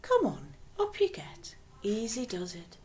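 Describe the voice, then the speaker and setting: A woman voicing a kindly, tired Geordie mother who speaks gently and soothingly, with a faint Norwegian tinge in her accent. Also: on the high side, wildly swooping pitch, unhurried, a little hiss or hum, voice pushed up. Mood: coaxing.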